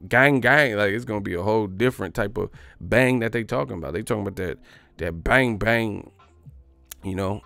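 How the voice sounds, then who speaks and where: A man's voice: fairly low pitch, fast, creaky, few pauses, pushed and bright, no echo, faint music behind. A man chatting casually on a live stream, joking loosely with profane slang and frequent laughs. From United States.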